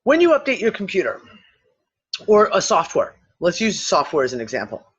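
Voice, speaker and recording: A podcast host with a strikingly high, husky voice rambles through a speculative theory, restarting sentences, thinking aloud, and swearing casually. His pitch swoops wildly at a normal pace, and the tone is fairly bright despite a dull lo-fi recording that muffles the top end.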